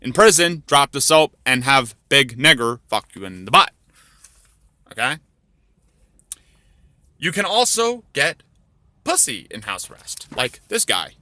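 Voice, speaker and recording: A man telling crude comedy stories in a rambling way, with deadpan asides. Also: medium pitch, unhurried, long pauses, dry recording. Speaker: storyteller. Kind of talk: crude comedic storytelling over drawings.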